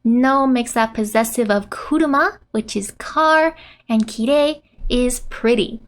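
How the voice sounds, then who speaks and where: A woman's voice: fairly high pitch, unhurried. A woman giving a casual language lesson, often laughing and playfully reading out lines from a comic. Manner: giggly, reads out character lines with playful voices. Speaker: Japanese teacher.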